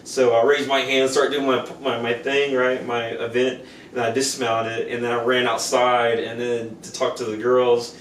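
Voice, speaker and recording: A podcast co-host with a mid-range voice tells stories casually and energetically, slipping into the voices of the people he describes, at a normal speed. Echo, faint noise, and a distant mic mark the recording.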